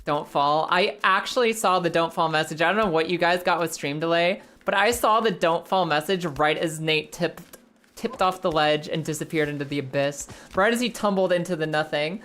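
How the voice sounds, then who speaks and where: A young woman with a slightly low voice narrates her own gameplay live, chatting to viewers and swearing freely. Her talk is loose and conversational. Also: normal speed, a bit bright. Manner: chatty, swears, talks to her chat while playing. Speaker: streamer.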